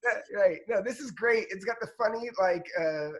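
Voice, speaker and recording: A man's voice: sits high, moderate pace, slight background noise. A man co-hosting a podcast, chatting casually about football in a rambling, self-deprecating way. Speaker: podcast co-host.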